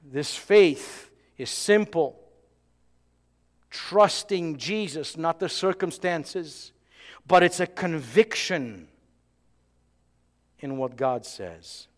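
A man with a high voice preaches in an unhurried way, drawing out his words. He is animated, acting out dialogue and dropping to a hush between louder passages. The sound rings with long reverb, as in a church hall. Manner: animated, acts out dialogue, swings from loud to hushed. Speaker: pastor. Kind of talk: sermon.

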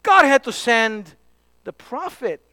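A man preaching a sermon, emphatic, dropping to hushed tones for key points. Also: very high-pitched, very animated, takes it slowly, no echo.

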